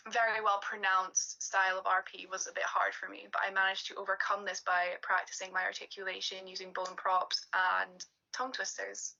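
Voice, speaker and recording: A woman's voice: medium pitch, bright, forceful tone, highs cut off. A young woman, a drama student, giving a plain, reflective spoken evaluation of her course over slides, recorded on a computer mic. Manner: plain, reflective, self-assessing.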